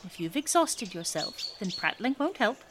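An actress playing a fussy, condescending abbess who scolds a young nun. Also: female voice, medium pitch, big pitch swings, moderate pace, background noise, natural voice. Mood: prim.

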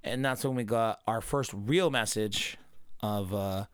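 A man hosting a casual podcast, telling stories in an animated way, with swearing and acted-out quotes. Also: on the low side, a little slow, smooth, dry recording, studio quality. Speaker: podcast host.

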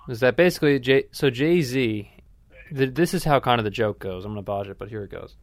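A man's voice: medium pitch, lively intonation, a little fast. A young man hosting a casual chat, rambling and joking with frequent swearing and restarts. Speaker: host.

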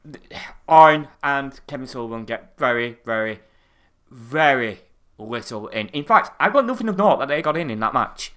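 A man's voice: medium pitch, animated, normal speed, bright, forceful tone. A man co-hosting a podcast, ranting casually and swearing a lot in exasperation. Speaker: podcast co-host.

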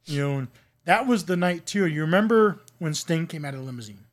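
A man's voice: fairly high pitch, expressive, a little fast. A man guesting on a podcast, telling backstage stories from his wrestling past in a rambling, profane, laughing way. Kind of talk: casual storytelling chat.

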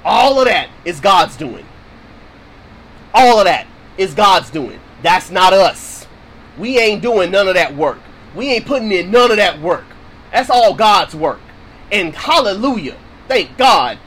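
A man's voice: sits high, very animated, measured pace, a bit bright, a little hiss or hum, poor audio. A man preaching on scripture in a casual, emphatic way, repeating his points to drive them home. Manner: casual, informal phrasing. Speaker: Bible teacher.

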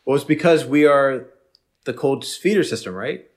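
A young man giving confident takes in casual sports talk. His pitch moves around a lot, rising and dipping with emphasis. He often stumbles and restarts his phrases. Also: animated, moderate pace. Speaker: podcast co-host.

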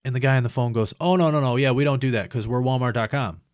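A man's voice: mid-range voice, fast, dry recording, clean studio sound. A man casually telling a long complaint story, swearing often and acting out the people he quotes. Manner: profane, animated retelling with quoted voices.

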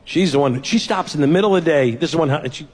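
Brief: male stand-up comedian, fairly high pitch, self-deprecating storyteller, reverberant live venue. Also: quick pace, noisy background. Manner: self-deprecating storytelling, acts out family dialogue. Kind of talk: stand-up routine.

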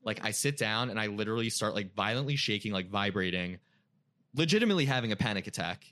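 Bright-voiced young man telling a personal story. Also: on the low side, expressive, fast talker. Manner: emotional, frequent "like" fillers. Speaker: guest.

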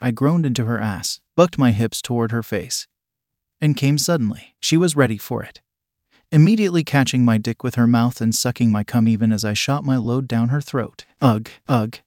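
A man's voice: medium pitch, a little mellow, no echo, studio quality. Man reading a first-person story. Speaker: story narrator. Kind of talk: first-person fiction narration.

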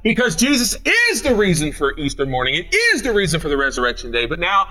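A man's voice: on the high side, huge pitch swings, quick pace, hardly any pauses, sharp tone. A man preaching an Easter sermon as pastor, running through scripture references with rising emphasis. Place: church sanctuary.

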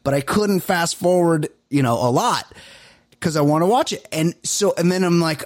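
A man co-hosting a casual podcast chat, talking in a relaxed way with plenty of fillers and a wry edge. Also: high voice, normal speed. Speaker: podcast co-host.

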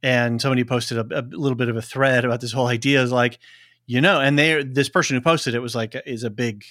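A man's voice: medium pitch, fairly even intonation, quick pace, fairly bright tone, no echo, studio quality. Rambling man chatting on a podcast. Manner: rambling, many restarts and laughs. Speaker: podcast co-host. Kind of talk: casual podcast chat.

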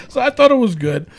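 A man co-hosting a podcast, recapping wrestling shows in casual chat, animated and laughing often. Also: very high-pitched, gravelly. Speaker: podcast co-host.

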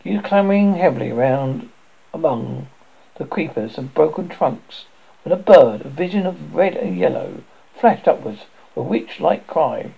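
A man narrating a novel aloud with an animated delivery, with slips he corrects as he goes. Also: fairly high pitch, moderate pace, gravelly, breathy edge. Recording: dull lo-fi recording.

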